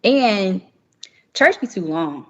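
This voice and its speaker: A woman's voice: mid-range voice, big pitch swings, slow. A young woman talking candidly and emphatically in a casual chat, often laughing. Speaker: podcast guest. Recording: muffled remote audio with long reverb.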